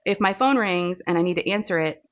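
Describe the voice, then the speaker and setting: Recorded on a phone with dull, lo-fi quality, a woman from Texas hosts a crafting vlog, her voice on the low side and a little fast. She chats and rambles loosely with fillers while diamond painting.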